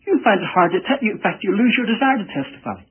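Male preacher, emphatic and animated, husky voice, tinny radio sermon. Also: high voice, quick pace. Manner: emphatic, punches key words, illustrates with family stories. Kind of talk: sermon with audience questions.

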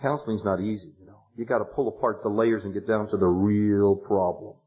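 A man preaching a sermon, retelling a counseling story, animated and swinging from hushed words to loud exclamations. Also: on the low side, brisk. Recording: dull lo-fi sermon tape.

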